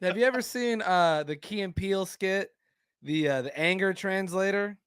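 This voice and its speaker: Joking male podcast co-host, profane, high and animated, dry sound. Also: normal speed, smooth, no room sound. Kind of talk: casual banter.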